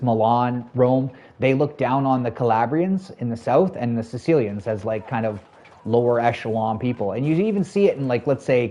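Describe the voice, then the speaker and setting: A man's voice: medium pitch, dark tone. A man in his thirties chatting casually to his stream viewers, rambling loosely with lots of "like" and "you know". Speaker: live streamer.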